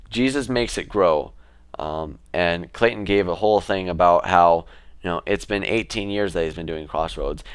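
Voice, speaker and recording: Give me a deep, expressive man chatting casually and wandering off topic. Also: no echo. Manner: rambling, easily sidetracked. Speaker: vlogger. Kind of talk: casual vlog talk.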